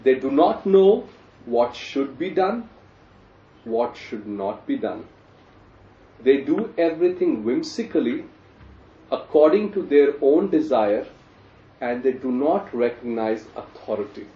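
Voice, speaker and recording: A man teaching a scripture class, animated, putting questions to the listeners with sarcastic asides. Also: medium pitch, slow pace, long pauses. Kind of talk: scripture study lecture. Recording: distant roomy lo-fi recording.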